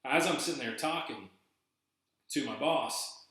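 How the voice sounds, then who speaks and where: Male podcast host, casual storyteller, mid pitch, very reverberant room. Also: a little slow. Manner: animated, acts out quoted people in raised voices.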